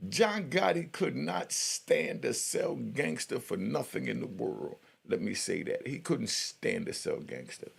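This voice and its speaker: Gravelly, husky-voiced middle-aged man storyteller. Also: medium pitch, big pitch swings, measured pace, few pauses. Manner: loose street talk full of "you know" fillers. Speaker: prison storyteller. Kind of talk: casual spoken storytelling.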